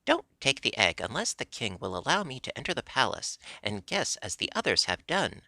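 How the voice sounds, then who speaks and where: A man voicing a proud, indignant yellow hen with a shrill, clucking voice in a storybook reading. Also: very animated, normal speed, creaky, dry recording, studio quality, full character voice. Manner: clucking, huffy. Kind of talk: audiobook character voice.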